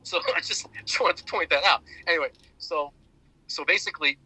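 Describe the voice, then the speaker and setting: A man with a very bright, keen-edged voice talks in a casual podcast chat. He rambles in an animated way and restarts his sentences often. The sound is close and dry, with no room around it. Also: fairly high pitch, a little fast, breathy edge, no echo, rough recording. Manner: rambling, animated retelling with many restarts and fillers. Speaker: podcast co-host.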